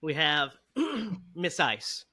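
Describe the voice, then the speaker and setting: A man's voice: a little high, animated, extremely slow, heavy background noise. A man hosting a podcast, telling a story in casual chat with frequent laughs. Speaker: podcast host.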